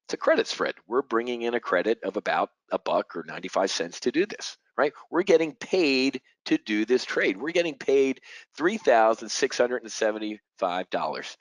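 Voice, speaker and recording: A man's voice: mid-range voice, expressive, normal speed, no room sound, low-quality recording. Middle-aged guy walking thru a trading webinar, punchy, keeps asking the crowd questions, dry close mic. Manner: punchy, talks straight to the audience; fighter pilot jargon and rhetorical questions. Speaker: options trading instructor. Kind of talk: live trading webinar walkthrough.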